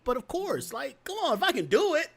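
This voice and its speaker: A man talking in a relaxed podcast chat, telling stories and swinging between an excited high voice and a deep, low one. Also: fairly quick, gravelly. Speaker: podcast co-host. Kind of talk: casual chat.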